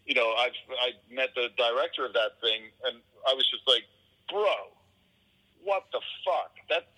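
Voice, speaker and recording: A man's voice: mid-range voice, sharp tone, rough recording. A man talking as a guest in a casual conversation, swearing often and arguing emphatically. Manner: profane, emphatic ranting.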